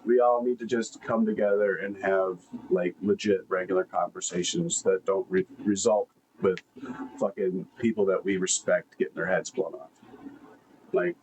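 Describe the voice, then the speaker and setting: A man's voice: sits low, steady tone, normal speed, darkish tone, a little hiss or hum, rough recording. A man hosting casual reaction commentary, blunt, laid-back and profane.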